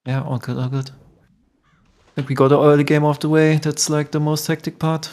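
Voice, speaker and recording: A man doing relaxed, chatty live commentary on a game tournament, greeting viewers in chat. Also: on the high side, normal speed.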